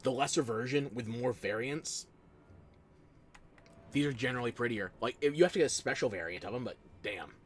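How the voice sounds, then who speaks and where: A man streams a game and chats casually with viewers, playful and self-deprecating, speaking into a close desk microphone. His medium-pitched voice runs a little fast with long pauses, over a faint hiss or hum.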